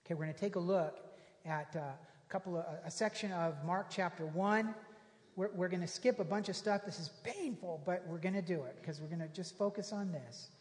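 A pastor delivers a sermon at a middle pitch, moving between scripture reading and loose, emphatic asides. Rhetorical questions land with punch. The voice rings with a long reverb, as in a large church hall. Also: a little fast, darkish tone.

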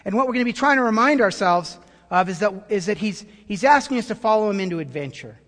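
A man preaching as pastor, with animated delivery that swings between hushed, tender passages and loud, shouted calls. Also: high voice, fast talker, long reverb tail. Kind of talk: sermon.

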